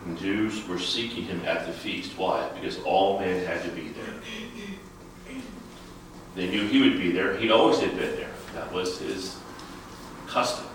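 A man's voice: deep voice, sing-song, measured pace, long pauses, background noise. A man leading an informal Bible study, asking his group questions in a conversational way. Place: church room. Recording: echoey room, from far off.

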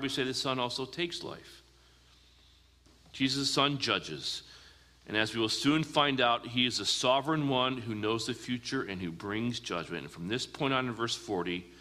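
Guy preaching a sermon, bright ringing voice, lots of hall reverb. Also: mid-range voice, expressive. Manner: earnest preaching with rhetorical questions and slow emphatic pauses. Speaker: pastor.

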